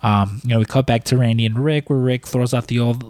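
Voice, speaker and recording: A man's voice: medium pitch, fairly even intonation, fairly quick, a little mellow, no echo, clean studio sound. A man casually recapping a film plot in a chat, with lots of fillers and restarts. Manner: rambling, many fillers and restarts.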